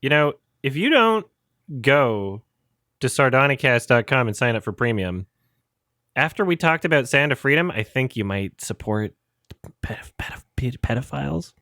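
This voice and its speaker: A man's voice: mid-range voice, very animated, normal speed, pushed and bright, no echo, clean studio sound. A man co-hosting a podcast, sarcastic and laughing often, with frequent swearing as he reads out plugs. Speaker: podcast co-host. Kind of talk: casual podcast chat.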